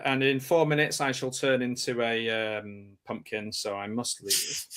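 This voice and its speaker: Male host, bright tone, jokey and rambling. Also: mid-range voice, moderate pace. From Cumbria, England. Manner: jokey, rambling, laughs at own jokes. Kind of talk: casual chat.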